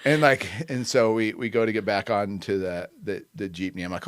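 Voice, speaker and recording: A man's voice: lowish voice, fairly even intonation, fairly quick, few pauses, dry recording. A man co-hosting a podcast in casual chat, telling stories animatedly and laughing mid-sentence. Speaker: podcast co-host.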